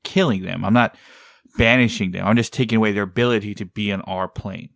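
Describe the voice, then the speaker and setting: Low gravelly man rambling casually. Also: steady tone, fairly quick, no room sound, clean studio sound. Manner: rambling, tangential. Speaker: podcast co-host. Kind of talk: casual chat.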